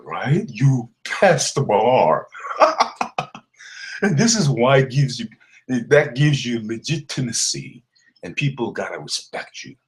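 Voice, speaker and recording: A man delivering a mocking, scornful rant to the camera, laughing between insults. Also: low voice. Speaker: vlogger. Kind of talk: ranting callout video.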